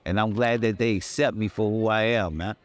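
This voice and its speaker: A man who does stand-up comedy, talking about being on stage in a relaxed, earnest and casual way, with loose phrasing. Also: lowish voice, fairly quick. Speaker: comedian in an interview. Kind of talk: casual reflective talk.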